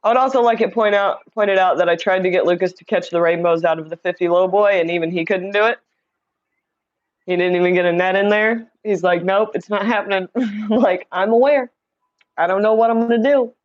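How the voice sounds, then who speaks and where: A chatty woman from Indiana hosts a casual livestream, reading comments out loud and greeting viewers by name. Her mid-range voice is a little fast with fairly even intonation. Through her streaming setup mic the recording sounds muffled.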